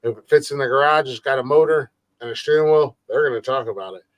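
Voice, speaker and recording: A man's voice: mid-range voice, quick pace, dry recording. A man hosting a comedy podcast, teasing his co-host crudely and signing off the show. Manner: teasing, crude ribbing with laughs. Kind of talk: casual banter and show sign-off.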